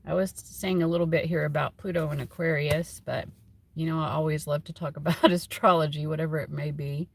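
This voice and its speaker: A woman with a low, gravelly, slightly rough voice hosts a tarot livestream from home on her phone, talking fairly quickly with fairly even intonation. She is chatty and rambling, uses many fillers, and laughs often.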